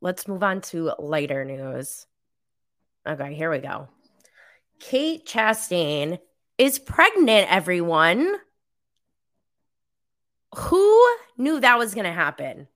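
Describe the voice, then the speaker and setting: A woman hosting a casual recap podcast, rambling and giggling between thoughts. Her voice sits a little low and sounds smooth and clear. She takes her time with every phrase. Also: big pitch swings, slow, pauses often, a bit bright. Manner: chatty, giggly, rambling with fillers. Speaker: podcast host. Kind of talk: casual live recap chat.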